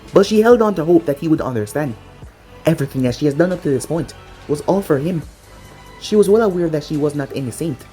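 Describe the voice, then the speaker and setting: A narrator reading a fan fiction story in a steady, dramatic manner. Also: medium pitch. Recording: faint music behind.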